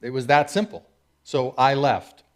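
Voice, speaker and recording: A man in his forties giving a casual, conversational sermon in a church, telling a story and acting out its characters with sudden excited outbursts. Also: medium pitch, unhurried. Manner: conversational storyteller who acts out characters with big swings into excited shouts. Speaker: speaker at a church service. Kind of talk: sermon retelling a parable. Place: church hall.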